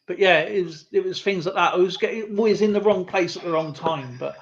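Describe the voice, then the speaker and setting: A man's voice: sits high, brisk. A man hosting a live stream, telling a rambling anecdote in a casual, chatty way with lots of fillers and asides. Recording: slightly muffled lo-fi stream audio.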